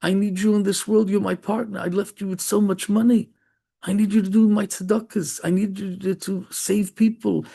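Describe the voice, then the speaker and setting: A man's voice: high voice, fairly even intonation, measured pace, vocal fry, few pauses, warm tone, full character voice. A man voicing a grieving dead father who pleads with his son from heaven, repeating himself. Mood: pleading. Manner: pleading, repetitive.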